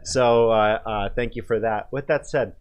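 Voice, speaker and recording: Low-voiced hesitant radio host man. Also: a little slow. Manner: hesitant, many fillers and restarts. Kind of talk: casual radio talk show discussion.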